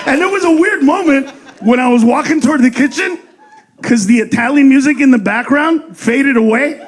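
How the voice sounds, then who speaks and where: A man doing stand-up comedy on stage into a handheld mic, loud, profane and punchy. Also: very high voice, lively intonation, normal speed, long pauses, some chatter behind, a little hiss or hum.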